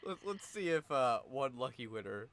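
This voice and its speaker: Man, game master, narrating a tabletop game, halting, chuckling, middle pitch. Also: big pitch swings, crowd noise.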